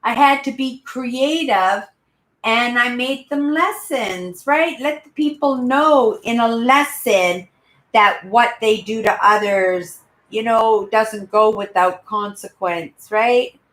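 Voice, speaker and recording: A woman in her sixties, host of a casual live-stream chat, who rambles and keeps adding "right?" and calls herself a loud talker. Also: fairly high pitch, slow pace. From Canada. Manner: self-described loud talker. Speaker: channel host. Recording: roomy echo.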